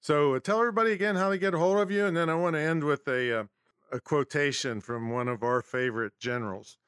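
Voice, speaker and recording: A man's voice: fairly high pitch, quick pace, fairly bright tone, clean tone, no room sound, studio quality. A man hosting a podcast, chatting casually and laughing easily with his guest. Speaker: podcast host. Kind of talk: casual interview chat.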